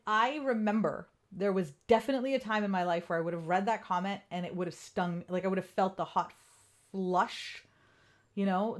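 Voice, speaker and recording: A woman coach talking casually and candidly on a live stream, animated and swearing freely. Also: medium pitch.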